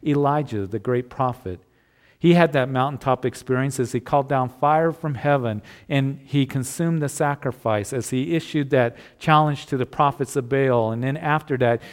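A male pastor delivers a sermon in an earnest, conversational way. His voice sits at an ordinary middle pitch, and he sometimes restarts a phrase as he works through his point.

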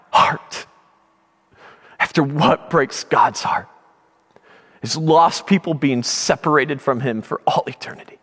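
A middle-aged man preaching a sermon, telling a personal story with passion, dropping to a hush and then rising to shouts. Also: a little high, in a large hall. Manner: impassioned storytelling, swings from hushed to shouting. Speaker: pastor.

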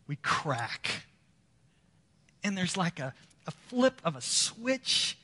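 Male pastor, fairly high and bright voice, dramatic preaching, reverberant church hall. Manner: dramatic shifts between loud emphasis and hushed lows. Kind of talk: sermon.

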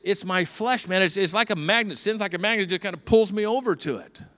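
A middle-aged man preaching a sermon as a pastor, telling stories with lively swings from quiet to loud. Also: high-pitched, quick pace.

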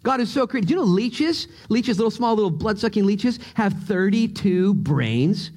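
High-voiced, animated male pastor preaching. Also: normal speed. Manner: animated, joking, excitable storyteller. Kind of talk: sermon. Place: church sanctuary.

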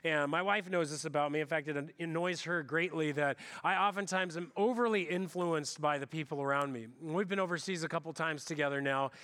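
A man's voice: a little high, brisk, hardly any pauses, fairly bright tone. A middle-aged male pastor giving a conversational sermon in a church, chatty and self-deprecating, often restarting his sentences. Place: church sanctuary.

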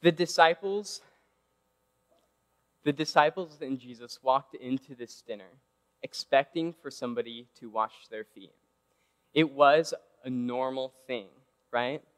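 A man's voice: mid-range voice, a bit bright. A man giving a casual, conversational sermon who keeps checking in with his listeners by asking "right?". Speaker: preacher. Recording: long reverb of a large hall.

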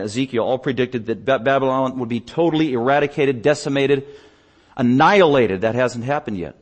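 A man preaching a sermon as pastor, emphatic, building up in pitch and volume on repeated lists.

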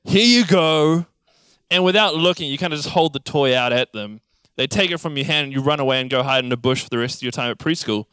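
Young aussie guy preaching, acts out kid stories, smooth clear voice, dry close sound. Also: medium pitch, quick pace, no room sound. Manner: animated storytelling, acts out childhood scenes. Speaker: pastor. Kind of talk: sermon.

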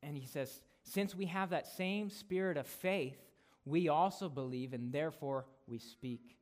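Conversational man preaching a sermon. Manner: conversational, often tags lines with "right?"; grows louder and higher on emphasis, drops soft to close a point. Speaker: guest preacher. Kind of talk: expository sermon.

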